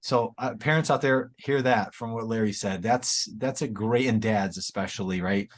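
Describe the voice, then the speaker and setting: A man's voice: fairly low pitch, moderate pace. A man in his forties, a teacher and author, speaking as an enthusiastic, encouraging podcast guest. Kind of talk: casual interview chat.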